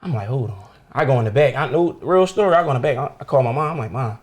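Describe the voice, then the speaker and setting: A young man, a comedian guest telling stories in casual chat, profane and animated, acting out the people in his stories. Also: mid-range voice, fast talker.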